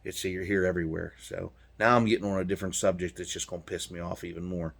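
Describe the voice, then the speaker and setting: Sitting in his truck, a US vlogger delivers a heated, punchy rant to his viewers, swearing throughout. His voice is low, level, and creaky with a slightly bright quality, and he talks fast.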